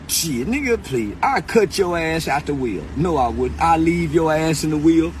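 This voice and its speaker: A man hosting a podcast, delivering a loud, profane, laughing freestyle rant that swings between high outbursts and low mutters. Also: lively intonation, moderate pace, hardly any pauses, a little hiss or hum. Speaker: podcast host.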